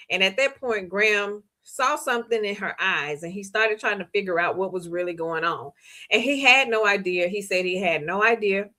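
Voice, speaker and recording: A woman, hosting a book club discussion. She talks in a chatty, animated way, laughs often and reads viewer comments aloud. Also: mid-range voice. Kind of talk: casual book discussion recap.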